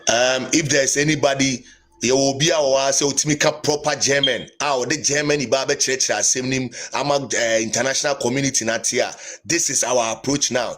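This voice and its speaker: A man's voice: medium pitch, fairly even intonation, fairly quick, a bit bright. Indignant Ghanaian man pleading. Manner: pleading, indignant, mixing English and Twi. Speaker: live stream host. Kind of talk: impassioned live stream talk.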